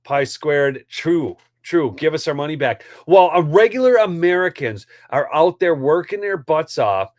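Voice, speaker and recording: A man's voice: on the high side, expressive, moderate pace, hardly any pauses, no room sound, studio quality. A man hosting a live political commentary show, heated and ranty, often calling his audience "folks". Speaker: host.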